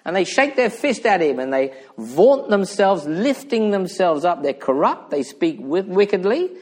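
A male preacher delivers a sermon in a high-pitched voice that rises and falls dramatically. He swings between loud emphatic bursts and hushed asides, putting rhetorical questions straight to his listeners. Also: sing-song, a little slow.

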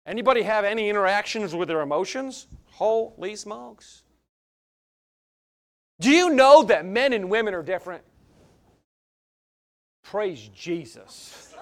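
A middle-aged man, a pastor, preaching a sermon in a folksy, plain-spoken way that swings from shouts to quiet asides. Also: sits high.

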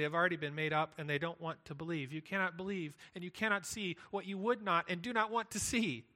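A man's voice: high voice, bright, forceful tone. A man preaching a sermon, earnest and emphatic, building points through repetition. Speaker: pastor.

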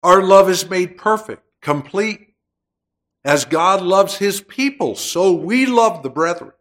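A male preacher delivering a sermon in a slow, measured way, leaning hard on key phrases and letting them rise. His voice sits a little high for a man, and he takes his time between thoughts. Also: animated, fairly bright tone. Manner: slow, deliberate preaching with emphatic swells.

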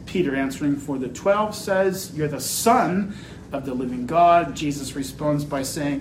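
A man preaching a sermon as pastor, slow and building to emphatic declarations. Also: a little high, echoey room, background noise.

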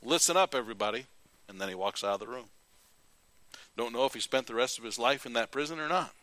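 A male preacher giving a sermon, retelling scripture in an animated, folksy storytelling way. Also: medium pitch, quick pace.

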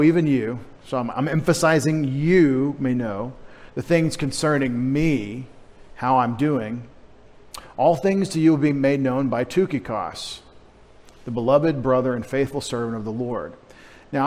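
In a church sanctuary, a man gives a sermon, speaking emphatically yet conversationally and tossing in dry jokes along the way. His pitch sits in the middle and his tone leans dark, with long reverb from the hall filling the recording.

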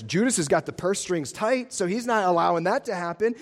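A man's voice: high-pitched, expressive, fairly quick, few pauses. A male pastor preaching a sermon in an emphatic, repetitive style.

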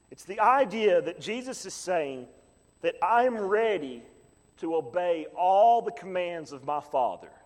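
A man preaching a sermon as pastor, reading scripture and building to fervent, rising climaxes. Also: high-pitched. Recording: long hall reverb.

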